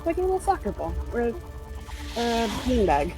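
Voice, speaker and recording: A woman playing in a tabletop game, describing her moves in a playful, animated way. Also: on the high side, moderate pace, over music. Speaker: player. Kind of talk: casual game chat.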